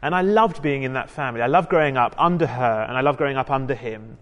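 A man's voice: medium pitch, fast, a bit bright, in a large hall, dull audio. A British man preaching a sermon in a chatty, joking way, talking to the congregation. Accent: British English. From United Kingdom. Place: church hall with a congregation.

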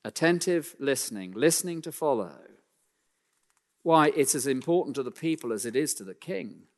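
A man preaching a sermon, speaking emphatically and slowing down to read scripture aloud, in a church. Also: medium pitch, expressive. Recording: long hall reverb.

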